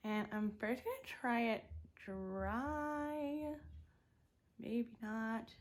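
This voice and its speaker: In a relaxed makeup tutorial, a young vlogger narrates each step and swatches eyeshadow while she chats. Her voice sits on the high side with a slightly mellow quality.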